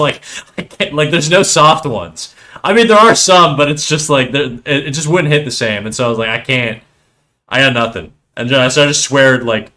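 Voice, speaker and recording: A man's voice: mid-range voice, fairly bright tone. A young man from French Canada with a Québécois accent, chatting loosely on a livestream, swearing freely and laughing as he switches between English and French. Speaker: streamer. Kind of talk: casual livestream chat.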